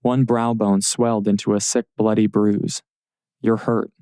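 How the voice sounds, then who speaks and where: A man reading audiobook narration in a steady, measured way, recorded close in a studio booth. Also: on the low side, clear, resonant tone, dry recording.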